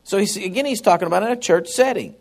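Male pastor preaching, fairly high voice, calls out to the crowd, acts out stories. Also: fast talker, a little mellow. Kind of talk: sermon.

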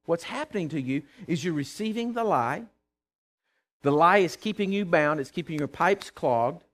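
A middle-aged preacher with a notably high voice. He delivers a fervent sermon and keeps calling on his congregation to respond. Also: expressive, moderate pace. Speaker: pastor.

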